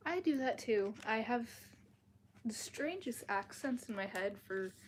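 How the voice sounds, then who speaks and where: A woman's voice: a little high, expressive, unhurried, a little hiss or hum. Chatty woman reading a fantasy novel aloud. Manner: casual, chatty, restarts words and apologizes. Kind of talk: live-streamed book reading with chat asides. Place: at home, dogs outside the door.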